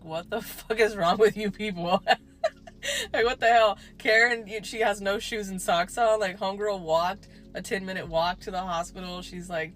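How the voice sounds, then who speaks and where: A woman's voice: fairly low pitch, fairly bright tone. Chatty woman telling a spooky story. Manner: chatty, peppered with "like" and swearing. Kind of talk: casual storytime.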